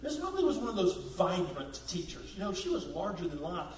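Youth pastor, 40s, high voice, animated storyteller; roomy, distant church sound. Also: male voice, a little fast, slight background noise. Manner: animated storytelling with bursts of laughter. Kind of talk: sermon. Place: church sanctuary. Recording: echoey room, mic at a distance.

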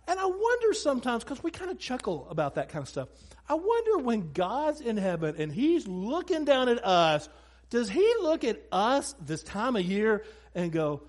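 Here the preacher's voice is very high-pitched, though his pace stays moderate. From the stage he entertains the congregation with funny stories about his family, addressing them head-on in an animated way.

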